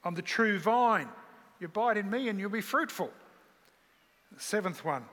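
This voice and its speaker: A man's voice: high voice, normal speed, a bit bright. A man preaching a sermon, earnest and full of rhetorical questions. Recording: long hall reverb.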